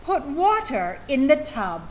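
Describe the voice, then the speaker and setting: A woman reading a children's picture book aloud with expressive delivery. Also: sits high, slow pace, rough recording. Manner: expressive, sounds out animal noises. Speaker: storyteller.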